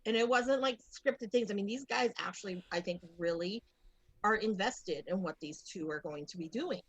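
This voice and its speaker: A woman's voice: medium pitch, moderate pace, crowd noise, rough recording. A woman co-hosting a casual podcast, rambling through confident opinions with many restarts. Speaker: podcast co-host. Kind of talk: casual chat.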